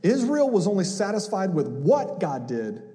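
High-voiced pastor preaching in a hall. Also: male voice, moderate pace. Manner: animated, conversational, acts out voices with humor. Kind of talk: sermon.

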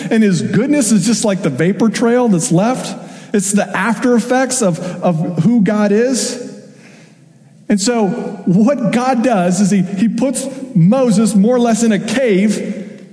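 A man's voice: sits high, warm tone. A young man preaching a sermon in a loose, conversational way, with casual asides and asked questions. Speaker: pastor. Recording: long hall reverb.

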